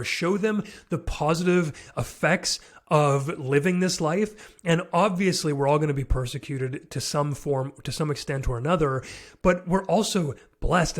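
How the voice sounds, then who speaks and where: A man hosting a podcast, answering listener questions in an earnest, conversational way and thinking aloud as he goes. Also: a little high. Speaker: podcast host. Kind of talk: solo Q&A podcast.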